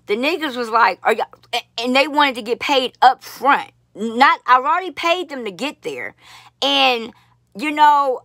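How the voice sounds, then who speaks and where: A woman vlogger telling a long personal story to her viewers, blunt, profane and animated, with many asides to the audience. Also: high voice, measured pace, no echo, clean studio sound. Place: lives in Las Vegas.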